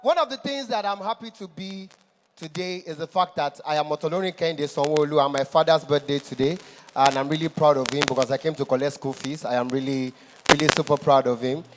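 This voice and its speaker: A man performing a stand-up comedy set, telling a story in an animated way and breaking into sung lines. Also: on the high side, brisk, very noisy. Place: large event hall. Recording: long reverb in a big hall. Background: music.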